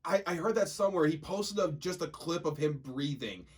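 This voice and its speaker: A man co-hosting a podcast, chatting casually and telling stories in an animated way. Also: on the high side, moderate pace. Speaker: podcast co-host. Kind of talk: casual chat.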